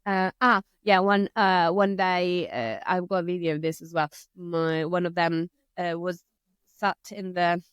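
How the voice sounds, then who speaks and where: An Italian-accented woman talks in a relaxed interview, telling lively stories and acting out voices. Her voice sits a little low and sounds smooth and clear. The recording is dry and close. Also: unhurried, no room sound. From Italy. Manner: lively storyteller who acts out her children's voices. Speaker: interview guest, language teacher. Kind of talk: casual conversation.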